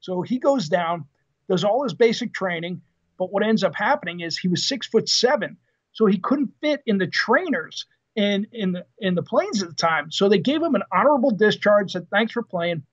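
A man in his fifties, a podcast guest, telling family stories in a lively, casual way and acting out the dialogue. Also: high-pitched, normal speed, husky. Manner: lively storyteller who acts out quoted dialogue. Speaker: podcast guest, retired Marine officer. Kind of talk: casual storytelling interview. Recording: dull lo-fi sound.

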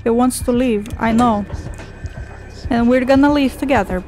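A woman's voice: on the high side, normal speed, a little mellow, a little hiss or hum. Sarcastic young woman swearing at a game. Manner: sarcastic, swears a lot, talks to herself. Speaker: gaming video creator. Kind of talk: casual gameplay commentary.

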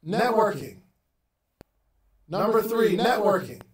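A man hosting a casual livestream about podcasting, excitable and chatty, often repeating his phrases to the viewers. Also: sits high, slow pace, husky. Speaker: podcast host giving advice.

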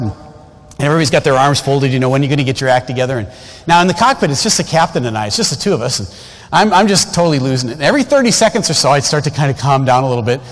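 A man in his fifties preaching a storytelling sermon, folksy and conversational, with frequent asides to the congregation. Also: on the high side. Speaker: guest preacher. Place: large church sanctuary. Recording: long church hall reverb.

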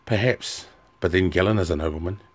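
A man voicing a tired, even-tempered stocky soldier in an audiobook. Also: low-pitched, fairly quick, husky. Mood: weary. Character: weary, loyal male soldier, stocky.

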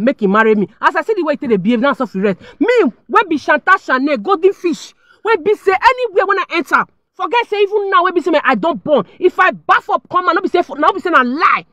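Nigerian lady vlogging her story, high voice, super expressive, dry close sound. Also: quick pace, few pauses, no room sound. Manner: dramatic, emphatic, addresses viewers directly. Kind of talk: animated storytelling to viewers.

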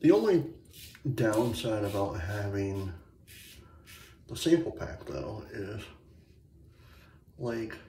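A slow-talking man with a gravelly, creaky voice rambles through a casual shaving vlog, stopping and restarting often. He sits some distance from the mic in an echoey bathroom with faint tap water behind him. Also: on the low side, big pitch swings, warm tone, a little hiss or hum. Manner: rambling, halting, many fillers and restarts. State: hiccups. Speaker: shaving video host. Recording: echoey room, mic set back.

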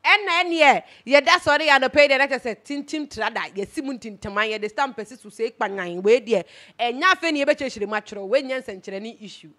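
A woman's voice: high-pitched, a little fast, pushed and bright. Chatty Ghanaian woman mixing Twi and English. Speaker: host. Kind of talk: casual gossip commentary.

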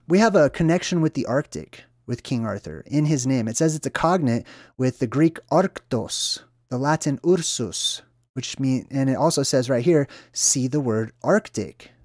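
Mid-pitched man in a dry recording. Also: darkish tone, no room sound. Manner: conversational, frequent "right?" and "um" fillers; talks straight to viewers. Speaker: video host. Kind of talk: solo symbolism explainer monologue. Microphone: own mic after a sound check.

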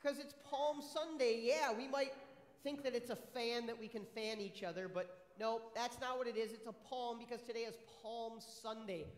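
High-voiced pastor questioning children. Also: male voice, fairly even intonation, moderate pace. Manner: friendly, asks many questions, upbeat. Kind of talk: children's sermon, questions to kids. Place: church sanctuary. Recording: echoey church hall with long reverb.

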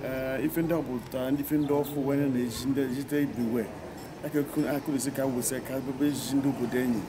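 A man explaining a community training program in an unhurried manner, mixing Igbo with English. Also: medium pitch, steady tone, background noise. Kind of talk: community speech.

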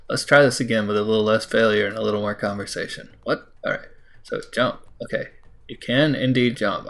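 An American let's play host offers casual commentary on his game, addressing it directly, poking fun at himself and suddenly yelping in high exclamations. His voice is gravelly with a fairly bright tone.

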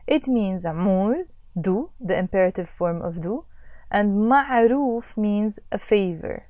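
A woman teaching a language lesson, patiently explaining and repeating phrases slowly. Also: medium pitch, animated, mellow, no echo, studio quality.

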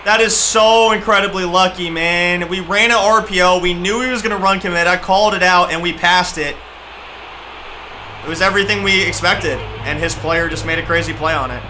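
Casting: young male gaming YouTuber, high, very bright voice, hypes up every big play, light background noise. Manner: excitable, trash-talking, shouts at big plays. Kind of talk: gameplay commentary.

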